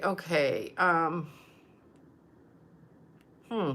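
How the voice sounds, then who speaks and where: A woman's voice: medium pitch, measured pace, sharp tone. A woman, a psychic medium, chatting casually on a livestream, reading out comments and rambling in an exasperated tone, swearing freely, into a phone mic.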